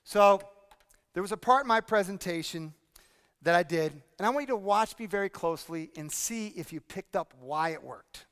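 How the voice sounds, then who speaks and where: A man presenting a workshop to a live audience, energetic and drilling the room with repeated questions. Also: high-pitched, normal speed, smooth. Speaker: speaking coach presenting a workshop. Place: conference hall with audience. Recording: long hall reverb.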